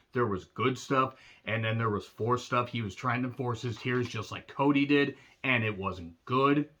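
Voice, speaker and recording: A man giving a casual recap of a wrestling show, sarcastic and blunt, often clearing his throat. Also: lowish voice, pushed and bright.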